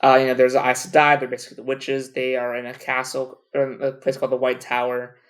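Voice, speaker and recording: A young man talks casually on a podcast, piling up restarts and fillers as he retells a plot. He jokes and swears freely, and his tone stays animated and playful. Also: medium pitch, quick pace. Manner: rambling, animated, joking, swears. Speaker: podcast co-host. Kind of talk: casual chat.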